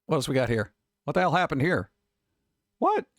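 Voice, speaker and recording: A man hosting a live stream, talking casually and chattily with relaxed asides. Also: medium pitch, normal speed, gravelly, long pauses, dry recording, clean studio sound. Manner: laid-back, chatty, trailing off into asides. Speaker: streamer host.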